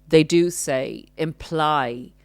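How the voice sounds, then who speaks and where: A woman's voice: deep voice, very slow, a little mellow, no room sound. A woman hosting a talk, explaining earnestly and now and then dropping wry, dry asides. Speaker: host. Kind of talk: explanatory talk on narcissistic abuse.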